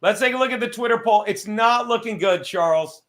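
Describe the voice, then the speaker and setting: A livestream host with a high voice and a bright, forceful tone. He talks casually and swears constantly. His sentences ramble and break off as he stops to fumble with his setup. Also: fairly quick. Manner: profane, rambling, self-interrupting; reads viewer messages aloud.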